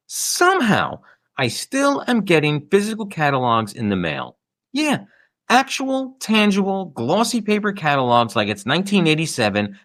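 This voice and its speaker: Sarcastic ranting man, wildly swooping pitch. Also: fairly bright tone. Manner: exasperated, sarcastic ranting with sudden pitch jumps. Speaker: podcast host. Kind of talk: comedic rant.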